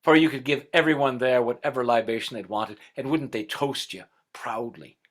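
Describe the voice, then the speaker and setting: A man voicing a humble young princess who speaks softly and coaxingly. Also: medium pitch, normal speed, lightly acted.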